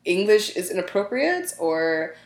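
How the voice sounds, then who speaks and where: A woman co-hosting a casual chat with friends, gushing and giggly, with quick asides. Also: medium pitch, big pitch swings. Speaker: podcast co-host. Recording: roomy echo.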